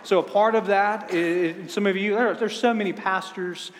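A man's voice: high voice, fairly even intonation, moderate pace, long reverb tail. A middle-aged man preaching a sermon as pastor, telling funny family stories with stammered restarts. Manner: humorous storytelling with stammered restarts. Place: church sanctuary.

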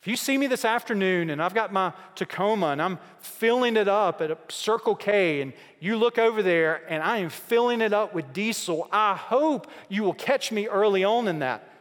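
A man preaching a sermon, building through repeated rhetorical questions and slow, emphatic pauses. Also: sits high, lively intonation, fairly bright tone. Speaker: pastor. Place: church sanctuary. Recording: long hall reverb.

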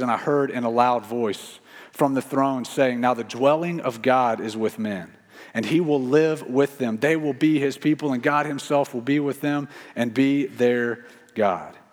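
A male pastor preaching a sermon in an earnest, slow way, repeating key phrases. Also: mid-range voice. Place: church sanctuary. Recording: long reverb of a large hall.

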